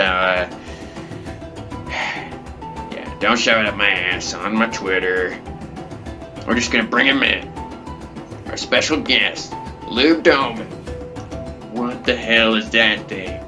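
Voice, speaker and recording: A man hosting a comedy podcast, deadpan and zany by turns. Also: fairly low pitch. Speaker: comedy show host. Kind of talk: comedic character host.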